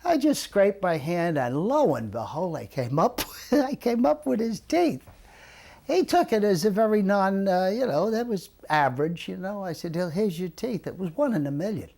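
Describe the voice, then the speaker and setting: A man's voice: high-pitched, moderate pace, creaky. An older man, a retired lifeguard telling stories from his past and acting out the people in them. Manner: animated storyteller, acts out quoted voices. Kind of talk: storytelling reminiscence.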